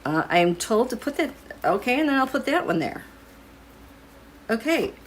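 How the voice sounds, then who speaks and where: Very animated and pitched on the high side, this woman speaks at normal speed over slight background noise. She draws tarot cards and muses aloud during a casual tarot and astrology reading for viewers.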